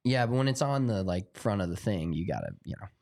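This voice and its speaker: An American man co-hosting a podcast in casual chat, relaxed and rambling with lots of fillers. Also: lowish voice, a little fast. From United States. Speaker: podcast co-host.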